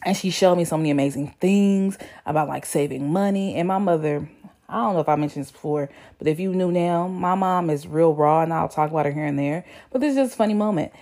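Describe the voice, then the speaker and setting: A young woman, telling a story to her viewers in a chatty, slangy, animated way. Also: deep voice, quick pace. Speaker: vlogger. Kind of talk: casual storytelling to camera.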